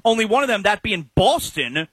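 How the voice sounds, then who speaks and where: Animated high-voiced sports radio host. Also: male voice, normal speed, slightly rough, no room sound. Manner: animated, opinionated.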